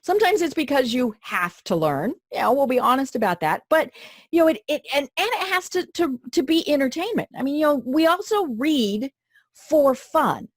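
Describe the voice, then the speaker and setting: A woman with a fairly high, very lively voice hosts a podcast in a chatty, rambling way. Her sound is dry and close. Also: moderate pace, no room sound. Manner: chatty, full of "you know" fillers and restarts. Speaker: podcast host. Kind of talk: conversational podcast interview.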